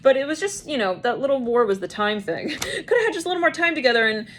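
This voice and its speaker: A woman's voice: high-pitched, big pitch swings, quick pace, fairly bright tone, slight background noise. A woman giving a casual tarot reading, rambling and acting out imagined scenes in quoted voices. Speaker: tarot reader.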